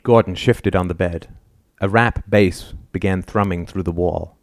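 A man narrating an audiobook in a measured, even way. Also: deep voice, dry recording, studio quality.

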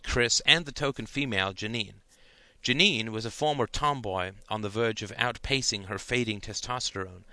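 A man reading a comic novel aloud as narrator, voicing the characters with lively, dry delivery. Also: lowish voice, dry recording. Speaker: audiobook narrator.

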